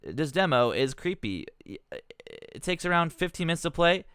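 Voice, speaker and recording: Male streamer, rambling profane commentary; smooth, resonant voice pitched a bit high, in a dry room. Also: big pitch swings, a little slow, a bit bright, dry recording. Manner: profane, exasperated ranting; rambling, self-interrupting.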